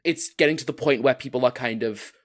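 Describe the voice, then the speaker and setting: A young man co-hosting a casual anime podcast, relaxed and agreeable, chiming in with questions. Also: mid-range voice, brisk. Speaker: podcast co-host.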